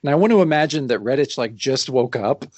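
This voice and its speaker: A man's voice: mid-range voice, animated, quick pace, a little mellow, dry recording. Man reading comic panels on a podcast. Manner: reads out comic panels, acts out lines. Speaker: podcast co-host. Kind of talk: casual comic-book discussion.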